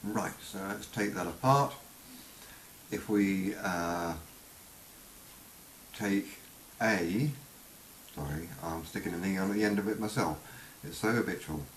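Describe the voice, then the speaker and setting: A man giving an unscripted spoken lesson on vowel sounds, halting with many fillers and voicing each sound slowly. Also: low voice. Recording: roomy with faint hiss.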